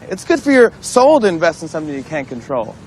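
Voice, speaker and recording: An actor playing a grown man who is earnestly in love with baseball, in a film clip with soft music under it. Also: a little high, very animated, fast talker, a little hiss or hum. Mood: wistful. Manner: earnest, reflective. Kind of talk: film dialogue.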